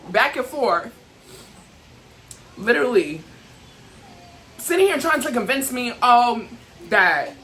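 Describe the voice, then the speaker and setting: A young woman pours out her frustration straight to the camera, rambling and heated. Her voice sits a little high and leaps up and down with feeling, with a sharp, bright edge. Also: a little hiss or hum, low-quality recording. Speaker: vlogger. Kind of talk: emotional venting to camera.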